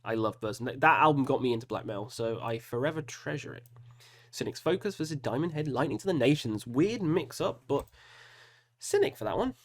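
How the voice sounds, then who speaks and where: A man's voice: mid-range voice, animated, fairly quick. A man hosting a casual solo video, talking through music matchups and groaning over hard choices with self-mocking asides. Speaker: metal reaction host. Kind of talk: casual solo commentary while picking albums.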